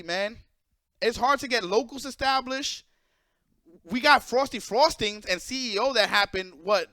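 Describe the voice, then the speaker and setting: A young man ranting casually and bluntly to his viewers, profane and animated. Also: very high voice, no room sound. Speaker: esports player and streamer.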